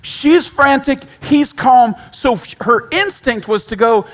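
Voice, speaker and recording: High-voiced man preaching conversationally. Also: animated, unhurried, fairly bright tone. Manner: conversational, self-deprecating humor, repeats points for emphasis. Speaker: pastor. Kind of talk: sermon.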